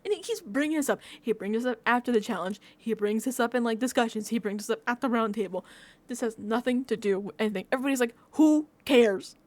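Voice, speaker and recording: A woman vlogger giving a casual recap of a reality show, ranting in an exasperated, animated way with lots of fillers and laughs. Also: fairly high pitch, fast talker. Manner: chatty, many fillers like "like".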